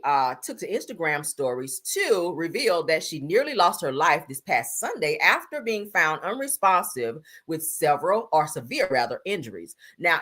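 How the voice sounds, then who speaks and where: A woman's voice: on the low side, fairly bright tone, breathy edge. A woman hosting a live stream, giving blunt, sassy gossip commentary and calling her viewers "honey" and "girl.".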